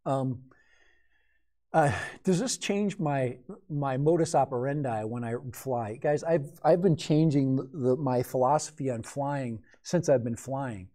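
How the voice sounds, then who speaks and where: A man in his fifties hosts a loose live stream, talking straight to viewers in chat. His voice is mellow and dark at an ordinary pitch, and he rambles and jokes his way through drone talk. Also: unhurried. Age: 50s. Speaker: livestream host and hobby drone pilot.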